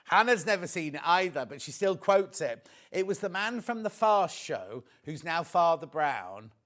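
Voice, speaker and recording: A man presenting a live TV shopping demo, chatty and excitable, gushing over the products and chatting with viewers and crew. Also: fairly high pitch, moderate pace.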